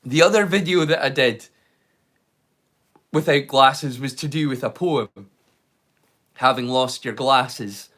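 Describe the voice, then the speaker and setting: A man's voice: medium pitch, takes it slowly, long pauses, fairly bright tone. A man with a Scottish accent hosting a live watch-along stream, chatting casually and rambling playfully into silly rhymes and jokes. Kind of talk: casual livestream chat.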